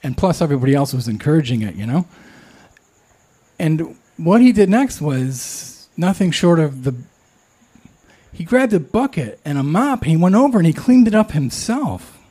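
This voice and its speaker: A man's voice: a little high, sing-song, warm tone, slightly rough. Candid man telling a personal story. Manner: candid, self-deprecating, halting.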